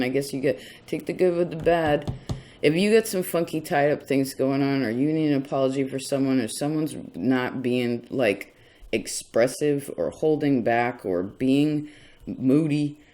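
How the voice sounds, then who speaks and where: A man's voice: medium pitch, a little mellow. A man giving a casual tarot reading in a rambling, chatty way, often stopping himself mid-thought. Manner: rambling, chatty, self-interrupting. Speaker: tarot reader.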